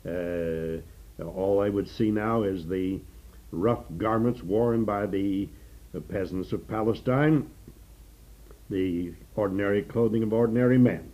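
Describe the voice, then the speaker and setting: A man preaching an unhurried expository sermon on the radio, pausing often with fillers. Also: on the low side, highs cut off.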